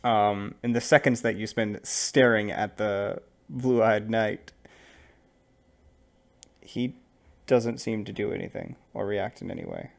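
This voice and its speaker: A man narrating as game master of a tabletop game, relaxed and rambling, with frequent fillers. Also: on the low side, takes it slowly, gravelly, long pauses.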